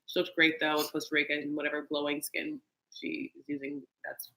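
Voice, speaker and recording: A woman's voice: deep voice, monotone, brisk, pushed and bright, rough recording. A woman hosting a casual reality-TV recap chat, chatty and campy, slipping into exaggerated voices to mimic people. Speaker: host.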